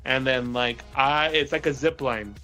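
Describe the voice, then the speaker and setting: Bright-voiced man telling a rambling story. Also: mid-range voice, unhurried, faint music behind. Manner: rambling, heavy use of filler "like"; profane, laughs through the telling. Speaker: podcast co-host. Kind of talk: casual storytelling chat.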